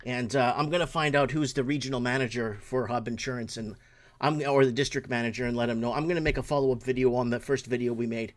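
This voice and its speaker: A man's voice: medium pitch, steady tone, quick pace. A man hosting his own late-night show, ranting angrily about an insurance office, swearing and restarting his sentences. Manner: angry, swearing, rambling with restarts. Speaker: show host. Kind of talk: casual livestream rant.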